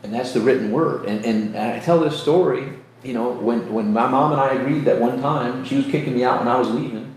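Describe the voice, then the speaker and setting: Speaking fairly quickly at a medium pitch, this host shares earnest personal stories in a relaxed conversation about faith, performing the voices of anyone he quotes. He grew up in New York State. The recording, from an echoey room near a beach, has faint ambience plus a little hiss or hum.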